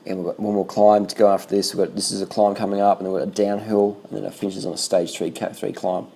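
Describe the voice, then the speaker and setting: Male amateur race commentator, dark husky voice, excitable and profane. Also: lowish voice, fast talker. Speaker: cycling vlogger commentating race footage.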